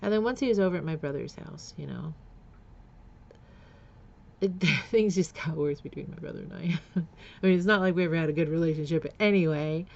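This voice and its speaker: A woman's voice: deep voice, brisk, vocal fry, a little mellow, lo-fi sound. A woman vlogger candidly telling a painful family story, with nervous laughs and repeated words. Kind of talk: personal storytelling vlog.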